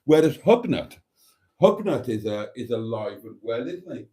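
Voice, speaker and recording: A man's voice: medium pitch, sing-song, normal speed, mellow. A middle-aged man hosting a casual livestream, reading out viewer comments and often breaking into laughter. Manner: giggly, keeps breaking into laughter. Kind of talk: casual live chat.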